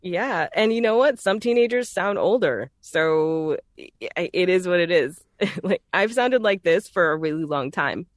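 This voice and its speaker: A woman's voice: lowish voice, expressive, unhurried, no echo, clean studio sound. A woman from Texas with a Texan accent, a voice actor talking in a casual, chatty and easygoing way. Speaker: voice actor guest. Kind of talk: casual conversation.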